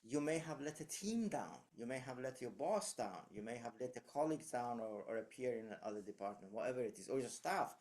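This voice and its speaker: A man's voice: medium pitch, lively intonation, brisk, few pauses, darkish tone. A man giving leadership advice in casual conversation, reflective and anecdotal, with frequent fillers and restarts.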